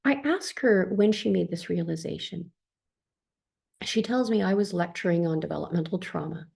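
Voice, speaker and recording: A woman calmly reading her own first-person account as a therapist, in a soft, tender manner. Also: fairly low pitch, normal speed, creaky, husky.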